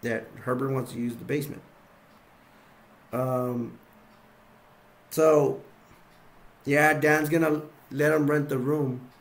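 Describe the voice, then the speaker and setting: A man's voice: mid-range voice, fairly even intonation, takes it slowly, pauses often. A man casually recapping a film's scenes, rambling and repeating himself as he acts bits out. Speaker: movie reviewer.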